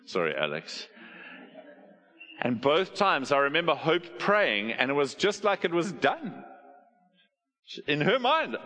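A middle-aged male pastor, preaching with a bright, forceful voice. He tells stories with animation and asks the congregation questions, and his voice carries a long reverb from a large hall. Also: on the high side, big pitch swings, unhurried, pauses often. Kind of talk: sermon.

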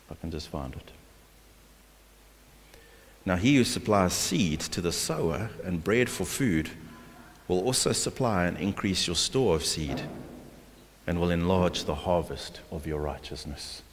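Male pastor, low voice, emphatic sermon delivery, reverberant church hall. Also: expressive, measured pace, pauses often. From South Africa. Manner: emphatic, exhorting, with repeated restarts.

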